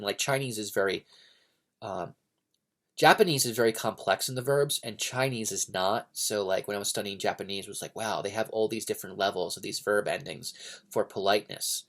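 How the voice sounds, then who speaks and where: Rambling man reviewing a book. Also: mid-range voice. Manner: rambling, lots of fillers and restarts. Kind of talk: casual unscripted book review.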